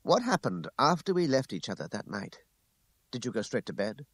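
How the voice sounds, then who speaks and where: A man's voice: medium pitch, big pitch swings, normal speed, no room sound. A man reading an audiobook, raising his voice to play a proud young woman who speaks with bitterness and contempt. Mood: faint and weary.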